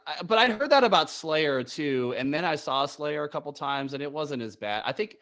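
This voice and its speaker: A man hosting a podcast in casual chat, speaking in a relaxed way and chiming in with short reactions. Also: fairly high pitch, normal speed. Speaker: podcast host.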